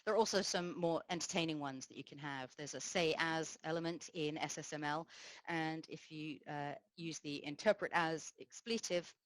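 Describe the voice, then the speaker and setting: A woman speaking low as she delivers a technical conference talk. She explains things in a measured way, with many small pauses and fillers. The sound is close and dry. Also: steady tone, dry recording, poor audio.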